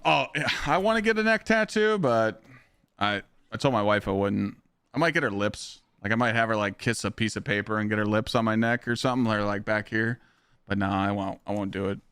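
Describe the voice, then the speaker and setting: A man's voice: fairly low pitch, a little fast, a bit bright, clear, resonant tone, no room sound, studio quality. A young man live-streaming a game, chatting casually in a rambling, profane way and answering viewers' questions. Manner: profane, rambling, reads chat aloud.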